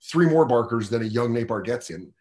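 A man in his thirties, a comedian telling stories in a casual podcast chat, animated, acting out voices as he talks. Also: mid-range voice, fairly quick. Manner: animated storytelling, mimics voices in quotes. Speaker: comedian guest.

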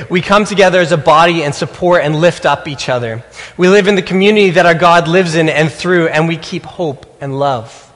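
A man preaching a sermon as a pastor, telling a personal story earnestly with halting restarts. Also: on the high side, fairly bright tone, in a large hall.

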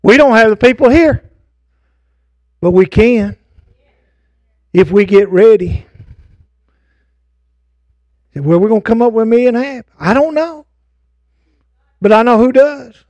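Older preacher guy, real high voice, dry close sound, folksy and fired up. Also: normal speed, long pauses, a little mellow, no echo, dull audio. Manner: fervent preaching, folksy asides to the congregation. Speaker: pastor. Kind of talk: sermon. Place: church sanctuary.

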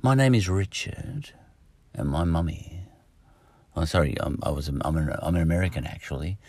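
A man's voice: low-pitched, animated, normal speed, a little mellow, no echo. A middle-aged Australian man hosting a solo podcast, rambling in a jokey, self-mocking way. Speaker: podcast host.

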